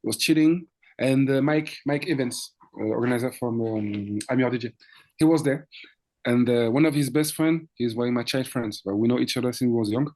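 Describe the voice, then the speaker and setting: Man, lively storytelling DJ. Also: mid-range voice, brisk. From France. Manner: animated, laughing, acts out quoted dialogue. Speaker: DJ guest. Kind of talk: casual storytelling interview.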